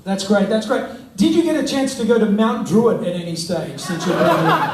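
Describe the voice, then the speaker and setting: A man's voice: high voice, sing-song, normal speed. A man hosting a live on-stage interview, joking and rousing the crowd. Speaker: host. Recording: echoey, distant live-room sound with faint noise.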